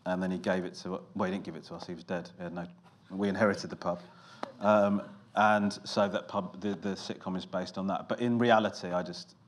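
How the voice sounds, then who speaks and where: Low-voiced man telling dry stories. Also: fairly even intonation, fairly quick, hardly any pauses, a little hiss or hum. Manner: dry self-deprecating storytelling with fillers. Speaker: comedian guest. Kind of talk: casual chat interview.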